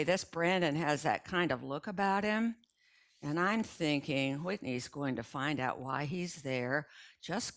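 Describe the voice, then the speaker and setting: An older woman reading a first-person short story aloud in a chatty, gossipy storytelling manner. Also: low-pitched. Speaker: resident reader.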